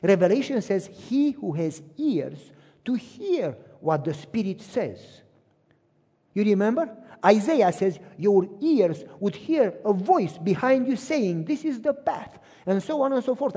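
A middle-aged male pastor preaches a sermon full of personal stories in a large hall, where his voice carries a long reverb. His tone is fairly high and slightly husky, and he speaks a little slowly, telling stories with animation and acting out both sides of remembered phone calls and conversations.

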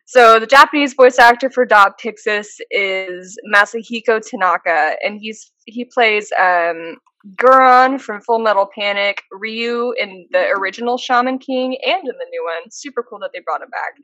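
A woman's voice: a little high, normal speed, bright, forceful tone, no room sound, poor audio. A woman co-hosting a podcast, chatting casually and telling stories with lots of fillers. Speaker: podcast co-host. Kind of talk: casual chat.

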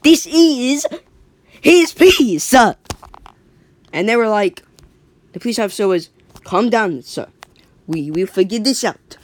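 Casual plot recap by an eager, rambling storyteller who acts out every character's line. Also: mid-range voice. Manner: rambling, lots of "like" and restarts, acts out quoted lines. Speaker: storyteller retelling a cartoon episode. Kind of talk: casual excited retelling.

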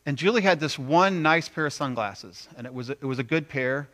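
A man preaching a sermon, animated, acting out quoted voices with big swings between loud and quiet. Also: fairly high pitch, normal speed. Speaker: pastor.

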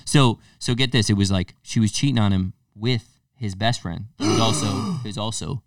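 Male podcast co-host, lively storyteller who acts out his quotes, sits back from a dry mic. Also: lowish voice, normal speed, no echo, far from the mic. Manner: animated storyteller, acts out quotes, many restarts. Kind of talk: casual storytelling chat.

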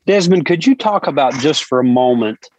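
A male host asking thoughtful, measured interview questions. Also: mid-range voice, expressive, darkish tone, no room sound. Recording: dull, dry lo-fi sound.

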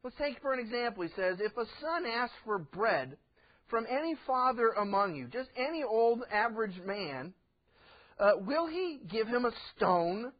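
A man's voice: very high-pitched, lively intonation, moderate pace, dull audio. A man preaching a sermon as pastor, folksy, acting out little voices in his stories.

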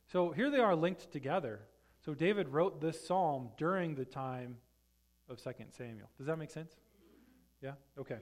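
A man preaching a sermon as pastor, in a conversational way that often checks in with his congregation. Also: a little high. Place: church sanctuary.

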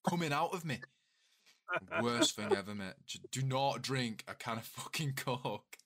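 A man's voice: mid-range voice, lively intonation, unhurried, fairly bright tone. A young man on a casual podcast, telling crude jokey army stories. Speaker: podcast co-host and editor. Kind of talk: casual chat.

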